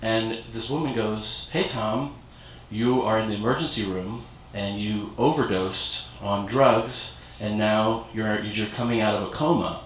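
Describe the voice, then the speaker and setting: A man doing stand-up, telling a story with casual swearing and deadpan delivery that jumps into loud mock voices. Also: lowish voice, a little slow, slight background noise. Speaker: stand-up comedian. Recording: echoey venue with crowd laughter.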